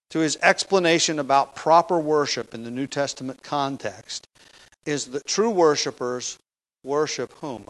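A man's voice: mid-range voice, a bit bright, low-quality recording. A man preaching an expository sermon, teaching from a passage with emphatic stress on key words and occasional fillers and restarts.

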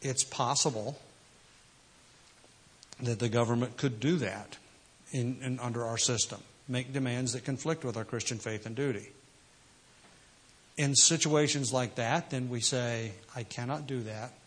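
A man's voice: medium pitch, steady tone, measured pace, long pauses, breathy edge. A man preaching a sermon, emphatic and full of rhetorical questions. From United States. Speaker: pastor.

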